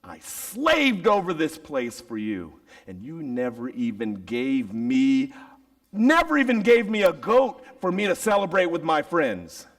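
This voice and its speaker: A preacher voicing a resentful elder son who complains bitterly and slowly to his father. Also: on the high side, huge pitch swings, pitched above the performer's own voice, exaggerated voice. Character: resentful elder son, sulking grown man.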